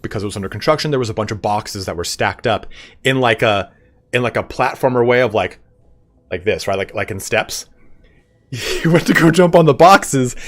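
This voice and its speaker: A young man, a gaming streamer, telling a story in casual chat, animated and swearing often. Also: mid-range voice.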